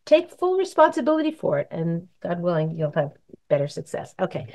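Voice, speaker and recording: A woman's voice: on the low side, very animated, a little fast, vocal fry, darkish tone. Chatty woman giving advice. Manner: chatty, rambling, acts out dialogue. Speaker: host answering questions. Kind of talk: casual advice talk.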